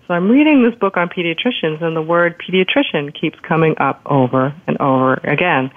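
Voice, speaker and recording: A woman telling a personal story in a casual, lively way, acting out the people she quotes. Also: low-pitched, moderate pace, no room sound. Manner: lively retelling, acts out quoted doctors. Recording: tinny phone-line sound.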